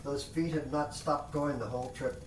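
A woman's voice: rumbling low, fairly even intonation, normal speed, echoey room, far from the mic, background noise. A woman making matter-of-fact remarks off camera at home. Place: home indoors.

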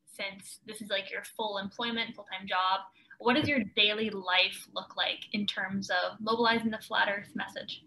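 A woman interviewer asking polite, measured questions, heard from farther off than the guest. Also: mid-range voice, steady tone, sharp tone, a little hiss or hum, rough recording.

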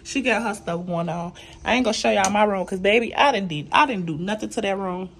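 There's a faint hiss or hum behind this woman's medium-pitched voice, which is brisk with vocal fry. Holding her phone camera, she gives a chatty, casual tour of her new apartment and the building's indoor common areas, sounding tired and emotional and calling viewers "y'all."

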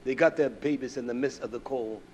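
A middle-aged male preacher giving a sermon, swinging from shouted preaching to low, muttered storytelling. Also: brisk, slight background noise.

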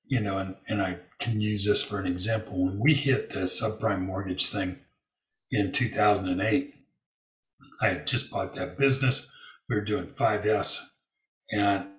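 A man telling a work story in a relaxed interview, using lots of fillers and acting out what people said. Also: low voice, echoey room, far from the mic, low-quality recording. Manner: storytelling with many fillers and acted-out quotes. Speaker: guest. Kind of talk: conversational interview.

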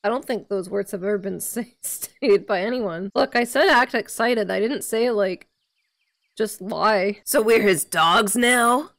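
A woman's voice: medium pitch, a little slow, gravelly, fairly bright tone. A woman streaming a video game, giving playful, sarcastic commentary and swearing freely. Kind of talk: casual gameplay commentary. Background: faint game music.

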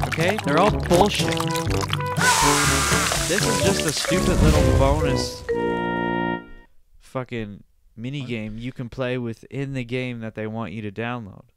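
Speaking into a close desk microphone, this young podcast host from Canada rambles and jokes through a casual solo show, swearing freely and sniffling occasionally. His voice sits in the mid-range with a clean tone, and the recording is dry.

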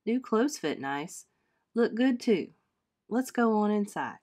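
A steady, low-voiced older uncle speaks gently but leaves no room for argument, as a woman reading a storybook puts him on. His voice stays soft and calm. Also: slow pace. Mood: gentle firm. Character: gentle but firm older uncle, rural Southern speech.

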